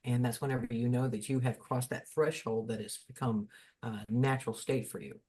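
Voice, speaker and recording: A man's voice: medium pitch, fairly even intonation, moderate pace, a little mellow. A man in a casual spiritual chat, folksy and storytelling, slipping into preachy asides. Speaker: spiritual podcast co-host.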